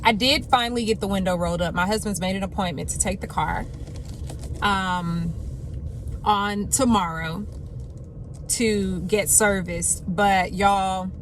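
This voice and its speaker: A woman in her forties talks to her viewers in a casual vlog, heartfelt and open. She speaks at an ordinary middle pitch, calling them y'all and slipping into quoted prayers and talks with family. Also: a little slow, a little hiss or hum. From United States. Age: 40s. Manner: talks to God and quotes others in lively asides. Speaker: vlogger. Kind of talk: casual personal vlog talk.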